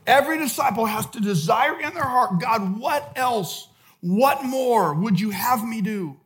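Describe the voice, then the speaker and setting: A man preaching a sermon as pastor, impassioned, swinging from loud shouts to hushed intensity. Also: very high-pitched, lively intonation, measured pace. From California.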